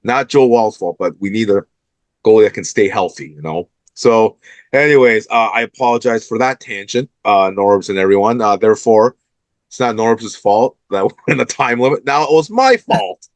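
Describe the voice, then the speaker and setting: A man's voice: on the low side, normal speed, no echo. Fired-up man hosting a sports talk show. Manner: fired up and emphatic, calling out the team's owners.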